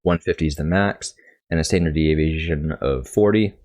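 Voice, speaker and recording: A man with a deep, low voice talks through his project in a casual tutorial. He sounds congested and rambles, often stopping to correct himself as he thinks aloud. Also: normal speed, darkish tone. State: congested, coughing. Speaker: coding tutorial host. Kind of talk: casual screen-share coding tutorial.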